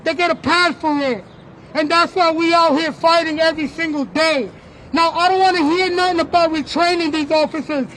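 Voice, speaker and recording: A man giving an impassioned speech at an outdoor street rally, with halting restarts. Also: extremely high pitch, fairly even intonation, a bit bright, poor audio. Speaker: protest speaker. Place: outdoor city street march. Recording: live street feed amid crowd noise. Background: crowd and street noise.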